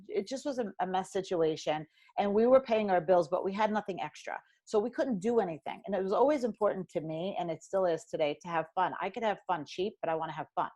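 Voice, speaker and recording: A middle-aged woman, a financial professional telling a candid personal story and acting out the dialogue. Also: fairly low pitch.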